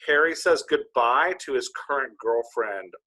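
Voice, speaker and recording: Rambling male podcast host, husky voice. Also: medium pitch, lively intonation, a little slow, sharp tone. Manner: rambling, self-correcting, jokey. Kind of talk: casual chat.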